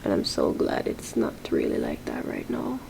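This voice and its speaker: A woman's voice: extremely low pitch, huge pitch swings, normal speed, vocal fry, dark tone, whispered, low-quality recording. A woman from Jamaica talking casually to her camera in an airport terminal, chatty and full of fillers. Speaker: vlogger.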